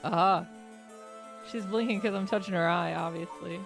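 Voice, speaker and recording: A woman's voice: on the low side, normal speed, gravelly. A woman streamer giving casual, giggly commentary while playing a game, game music behind her. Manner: chatty, giggly, reading game dialogue aloud. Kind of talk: casual let's-play commentary.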